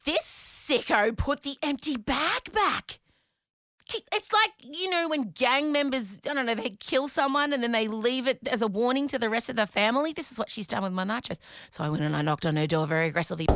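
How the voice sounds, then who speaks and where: A woman, hosting a podcast and retelling a story in an animated, dramatic way with some swearing. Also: medium pitch, creaky, dry recording, studio quality. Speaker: podcast host. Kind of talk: comedic storytelling.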